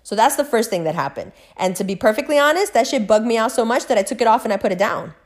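A middle-aged woman telling a rambling personal story in a casual monologue, swearing freely and swinging between loud excitement and hushed recounting. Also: fairly high pitch, fast. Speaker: vlogger.

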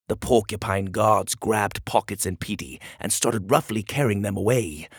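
Male storyteller, gravelly and husky, lively reading, dry close mic. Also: lowish voice, moderate pace, few pauses, no echo. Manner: expressive, animated reading. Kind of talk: scripted storybook narration.

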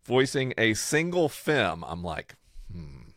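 A man with a very low voice chats playfully on a podcast, his pitch swinging widely as he jokes. He often sinks low and quiet at the ends of phrases. The sound is close and dry, with no room around it. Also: sing-song, slow, no echo. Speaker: podcast co-host. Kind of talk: casual chat.

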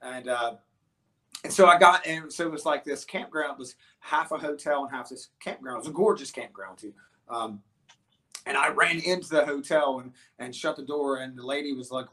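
Rambling, animated male storyteller. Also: on the high side, fairly quick. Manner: rambling, animated storyteller with many restarts and fillers. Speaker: guest musician. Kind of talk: casual interview storytelling.

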